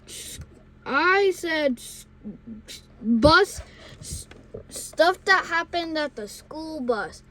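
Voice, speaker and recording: A woman vlogger telling casual stories, rambling with many restarts and self-corrections, and acting out the yelling in loud put-on quotes. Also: high voice, expressive, drawn-out words, pauses often. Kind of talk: casual storytelling.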